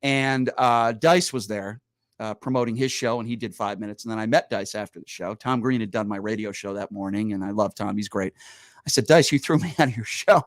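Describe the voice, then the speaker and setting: A man hosting a radio show in the studio, telling a story in a lively, animated way and acting out the people he quotes. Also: lowish voice, fairly quick, no echo. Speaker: radio host. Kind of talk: casual studio chat, storytelling.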